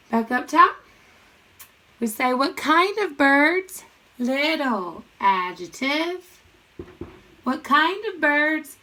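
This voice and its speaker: Bright-voiced woman teacher drilling grammar. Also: high voice, poor audio. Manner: drills sentence parts in a brisk question-and-answer chant; encouraging, speaks to students directly. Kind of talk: recorded classroom lesson.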